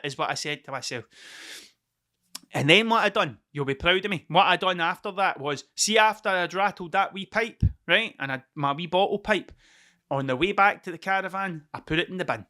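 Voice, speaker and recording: High, bright-voiced Scottish man. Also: a little fast. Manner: rambling, heavy swearing, repeats himself. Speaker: podcast host. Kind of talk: casual solo storytelling monologue.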